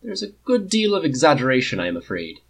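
A gentle, bashful young king with a clear, warm voice, set a few steps higher than the reader's own. A man reading a storybook puts him on. He sounds courteous and a little apologetic. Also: huge pitch swings, fast talker, exaggerated voice. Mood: polite. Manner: polite, apologetic, embarrassed.

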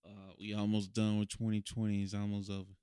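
A man's voice: fairly low pitch, completely flat delivery, brisk, dark tone, clear, resonant tone, no echo, clean studio sound. A young man hosting a casual podcast chat in loose slang, often trailing off and restarting. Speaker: podcast host.

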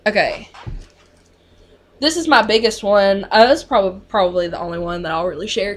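A woman who works on a mental health unit tells a story from her job in a relaxed, conversational way. Her pitch sits in the middle of the usual range. She talks chattily, leaning on fillers like "like" and "you know".

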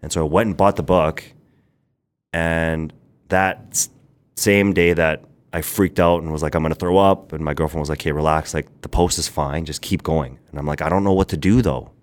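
A brand founder guesting on a podcast, this young man has a deep voice and tells stories in a casual, rambling interview style. His speech comes in quick bursts, and he mimics people with animated voices when quoting them.

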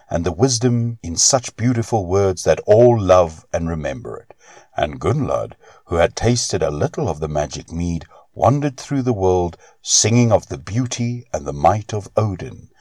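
A man narrating a storybook tale in an expressive, unhurried reading. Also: deep voice, no echo, clean studio sound.

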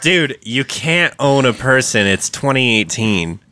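A man co-hosting a comedy podcast, crude and swearing, making deadpan jokes. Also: mid-range voice, a little slow. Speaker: podcast co-host. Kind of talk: casual comedic banter.

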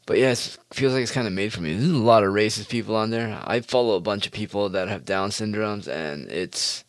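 A man's voice: lowish voice, brisk, dry recording. A man hosting a solo podcast in a casual, rambling monologue, swearing often and mocking people. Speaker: podcast host.

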